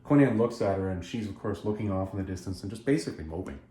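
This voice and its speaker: A man's voice: low voice, expressive, quick pace, warm tone. A man hosting a video, recapping a story in a chatty, digressive way and correcting himself as he goes. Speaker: video host. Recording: echoey room.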